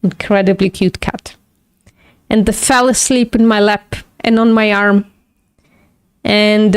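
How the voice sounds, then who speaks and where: Chatting casually with her viewers, a livestream host who is studying logic swears freely, laughs a lot and pokes fun at herself. Her mid-range voice is clear and resonant, with no echo.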